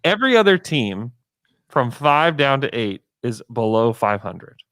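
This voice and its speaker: Guy on a sports podcast, really lively up and down delivery, dry mic. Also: medium pitch, unhurried, dry recording. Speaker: podcast host. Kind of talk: casual sports chat.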